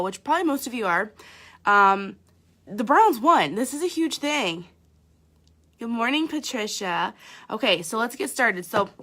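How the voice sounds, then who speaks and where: A woman's voice: mid-range voice, sharp tone. Chatty young woman, a bit nasal. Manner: chatty, greets viewers by name, many fillers. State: slightly sick, nasal. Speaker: makeup artist livestreaming. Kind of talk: casual makeup tutorial chat.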